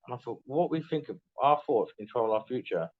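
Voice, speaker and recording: A man's voice: medium pitch, lively intonation, brisk, phone-quality sound. Candid English man telling his story. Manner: candid, self-mocking, acts out quoted dialogue. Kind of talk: casual storytelling interview.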